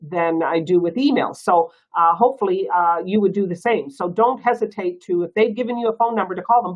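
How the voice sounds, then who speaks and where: A woman with a Canadian accent giving a real estate training talk in a chatty, lively way and laughing often. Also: fairly low pitch, a little fast, few pauses. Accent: Canadian English. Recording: dull lo-fi recording.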